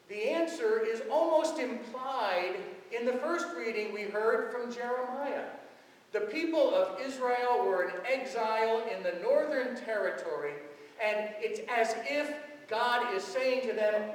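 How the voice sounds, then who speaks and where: A man preaching as pastor in a large church, telling stories in a lively way. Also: sits high, a little slow, distant mic, slight background noise. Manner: storytelling, animated. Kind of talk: sermon. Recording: echoey church heard from afar.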